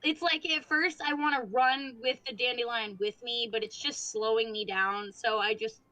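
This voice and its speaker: A woman playing a tabletop game, chatting in an excitable, playful way. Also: a little high, moderate pace, no echo, rough recording. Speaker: player. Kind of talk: casual tabletop game chat.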